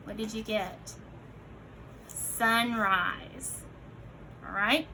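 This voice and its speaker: A young woman teacher leading a recorded phonics lesson for children, giving slow, clearly enunciated prompts and calling her listeners friends. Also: fairly high pitch, fairly even intonation, sharp tone, slight background noise, poor audio. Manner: encouraging, addresses listeners as friends.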